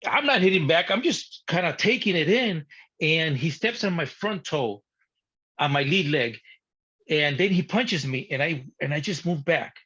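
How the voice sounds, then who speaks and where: A man telling a personal story in an interview, animated and blunt, acting out his younger self and swearing at times. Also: a little high, moderate pace, breathy edge. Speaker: guest. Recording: dull lo-fi sound.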